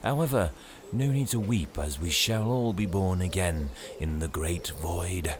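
A man's voice: low-pitched, measured pace, crowd noise. An actor playing a solemn, pious male attendant in a comedy sketch.

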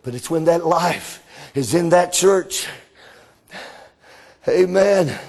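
Fervent gravelly preacher man. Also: on the high side, slow pace. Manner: fervent, rising into shouted exclamations. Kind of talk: sermon.

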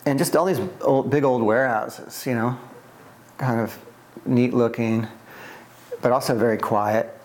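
Brief: man from the US East Coast, mid-pitched, rambling storyteller in an oral history interview. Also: steady tone, measured pace, long pauses. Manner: rambling, conversational, many fillers and restarts.

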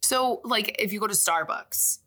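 A young woman co-hosting a casual chat show, reading out a list slowly and laughing often. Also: medium pitch, sharp tone. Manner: giggly, reads a list slowly with frequent laughs. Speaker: podcast co-host. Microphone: webcam with whiteboard behind.

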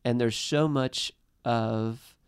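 Earnest male storyteller, thirties, low smooth voice with gravel, dry close sound. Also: steady tone, no echo. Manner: earnest, halting with restarts. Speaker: guest. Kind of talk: personal storytelling in a podcast chat.

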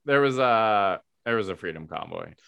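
Young man, lowish voice, dry sound, blunt sarcastic chatter, swearing. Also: lively intonation, normal speed, vocal fry, pushed and bright, clean tone, dry recording. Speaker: podcast co-host. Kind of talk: casual chat.

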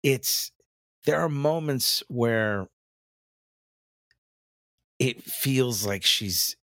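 A man's voice: medium pitch, drawn-out words, fairly bright tone, no room sound, studio quality. A man chatting casually as a podcast co-host, candid and profane, often restarting his sentences. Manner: candid, profane, mimics lines while he talks. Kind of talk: casual chat.

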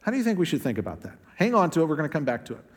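A male pastor gives a sermon in a church sanctuary, and his voice rings with long reverb from the hall. He talks conversationally and acts out quotes, pitching them up or down and speeding up or slowing down as he goes. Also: sing-song.

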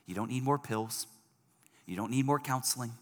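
A male pastor preaching a sermon in a church, animated and emphatic, swinging from loud emphasis to soft, earnest passages. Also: medium pitch, moderate pace. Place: church service hall. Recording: long reverb of a large hall.

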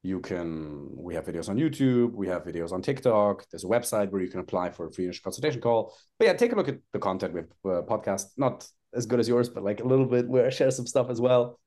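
A man's voice: lively intonation, quick pace, hardly any pauses, dark tone. A man, a dating coach guest on a podcast, who talks bluntly, swears freely and acts out lines he quotes. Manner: swings widely in pitch for emphasis. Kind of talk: animated podcast interview talk.

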